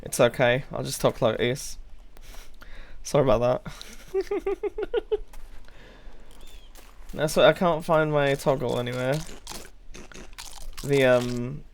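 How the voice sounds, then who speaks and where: A man's voice: medium pitch, fairly even intonation, unhurried, long pauses. A man streaming a game live, chatting playfully with his viewers, rambling and swearing freely. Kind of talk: casual live-stream chat while gaming.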